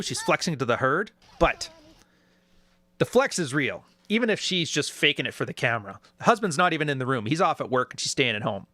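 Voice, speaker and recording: A man delivers loose, sarcastic commentary in a bright, forward voice that is set a bit high for a man. His pitch swings widely as he riffs. The sound is dry and close, with no room around it. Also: dry recording. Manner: animated, sarcastic, does mocking quoted voices. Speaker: YouTube commentator. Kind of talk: casual reaction commentary.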